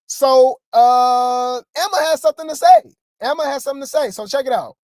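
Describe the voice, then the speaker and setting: A man's voice: very high voice, fairly quick, darkish tone, no room sound. A man hosting casual gossip commentary on reality TV, rambling with fillers and asides to his viewers. The recording is dry and close, with no room sound.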